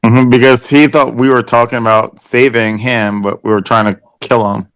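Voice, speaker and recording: A man's voice: medium pitch, level tone, normal speed, a bit bright, smooth, dry recording. Man, reality contestant, chatty storytelling, mid voice, dry close sound. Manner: chatty storyteller, laughs often. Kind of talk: casual reunion chat.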